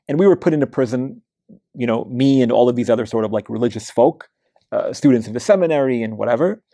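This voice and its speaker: A man's voice: mid-range voice, warm tone, no room sound, clean studio sound. A man giving a weekly Quran study lecture, telling stories in a conversational way with many fillers and restarts. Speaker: religious lecturer. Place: mosque lecture hall.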